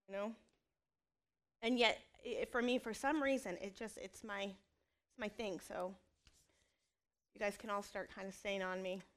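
A woman's voice: medium pitch, steady tone, a little slow, pauses often, fairly bright tone. A woman in her thirties, a mother speaking candidly and earnestly about her faith and family, with self-deprecating asides. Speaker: mother sharing a personal testimony. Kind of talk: candid personal talk.

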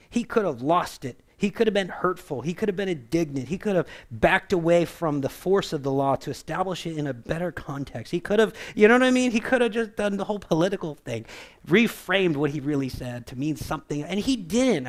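A man's voice: expressive, moderate pace. A man preaching a sermon in a conversational way, often asking "right?" and acting out the voices he quotes. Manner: acts out quoted voices with shifts in pitch and loudness.

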